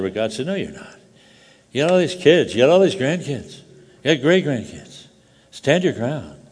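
An older man preaching a sermon, telling a story with animated, halting restarts that drop to quiet intensity. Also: mid-range voice, breathy edge, in a large hall.

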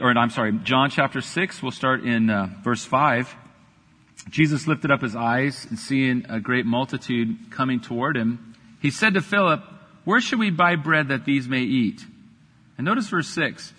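Joking pastor in an echoing church. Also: male voice, mid-range voice, pushed and bright, breathy edge. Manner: playful, jokey, acts out voices of people in the story. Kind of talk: sermon.

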